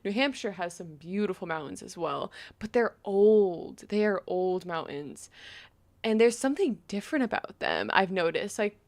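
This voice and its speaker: A woman's voice: medium pitch, animated, normal speed, darkish tone. A young woman from Long Island with a slight lisp, chatting casually and rambling while playing a game. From New York, Long Island. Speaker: gaming vlogger. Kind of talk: casual chat while gaming.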